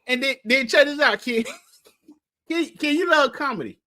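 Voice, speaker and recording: Bright lively man telling a story. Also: very high-pitched, normal speed. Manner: storytelling, teasing, laughing. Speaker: sports talk cohost. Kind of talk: casual sports banter.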